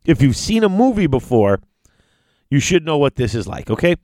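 Excitable guy rambling thru a story, voice jumping all over, dry close sound. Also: normal speed, no echo. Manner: excitable, rambling, big pitch swings. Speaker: fantasy lore storyteller. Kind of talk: casual chat.

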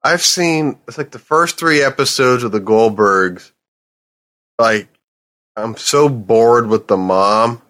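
A man's voice: mid-range voice, slow, fairly bright tone. A man who is a podcast guest, chatting casually in a blunt way and getting worked up and swearing. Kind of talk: casual chat.

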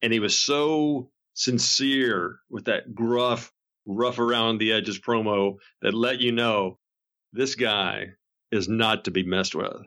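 A man giving reflective commentary in an earnest, halting way. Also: lowish voice, fairly even intonation, bright, forceful tone.

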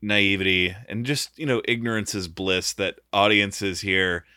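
A man's voice: fairly low pitch, steady tone, a little slow, pushed and bright, clean tone, no room sound, clean studio sound. An Australian man co-hosting a casual film-review podcast, recapping the plot with wry jokes. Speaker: podcast co-host.

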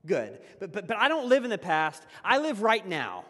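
A man preaching a conversational sermon as a pastor, laughing often and swinging between loud emphasis and hushed asides. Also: high-pitched, wildly swooping pitch, moderate pace, in a large hall.

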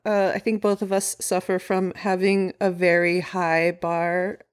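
A woman's voice: on the low side, level tone, unhurried, smooth. A woman co-hosting a podcast in casual chat, reflecting thoughtfully and laughing along with her co-host.

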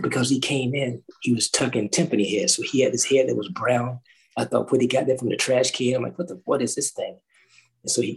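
A middle-aged man, a former orchestral timpanist, telling an animated story in a roundtable talk, acting out quotes and singing drum parts. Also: medium pitch, rough recording. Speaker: orchestral timpanist recalling his start.

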